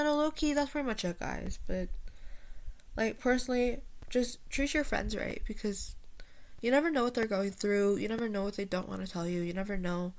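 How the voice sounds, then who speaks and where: A teenage girl ranting casually to her viewers, rambling and profane with lots of filler words, jumping between loud outbursts and quiet muttering. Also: mid-range voice. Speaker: vlogger. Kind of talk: casual rant to camera.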